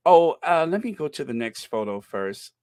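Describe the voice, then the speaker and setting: An American man with a fairly high voice hosts a casual livestream. He rambles and restarts as he chats and reads viewer comments aloud. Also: sing-song, moderate pace, darkish tone, smooth. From United States. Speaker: livestream host.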